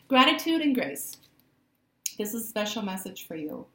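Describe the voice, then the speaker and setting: A woman's voice: mid-range voice, very animated, moderate pace, a bit bright. A woman spiritual coach giving a casual tarot reading, talking straight to her viewers, laughing easily and often saying "um". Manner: laughs easily, says "um", direct address. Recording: echoey room.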